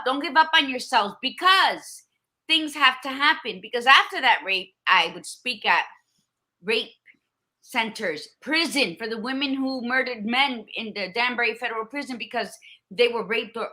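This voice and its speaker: A woman's voice: a little high, sharp tone. A woman in her fifties co-hosting a podcast, talking in a blunt, profane and emphatic way in candid casual chat. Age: 50s. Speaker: podcast co-host.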